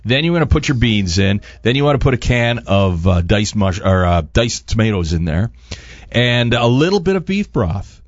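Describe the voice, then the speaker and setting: A man's voice: on the low side, sing-song, moderate pace, dry recording, highs cut off. A man chatting casually through a cooking segment as a radio host and chef, rambling with plenty of fillers. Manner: rambling, easygoing, lots of fillers.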